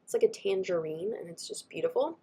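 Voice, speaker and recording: A chatty woman with a lilt talks in a mid-pitched voice, gushing over every detail and slipping into soft, half-whispered asides. Her voice carries a slight scratchiness from a lingering cold. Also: lively intonation, a little fast, slightly rough. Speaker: planner vlogger. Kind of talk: casual chat over a craft video.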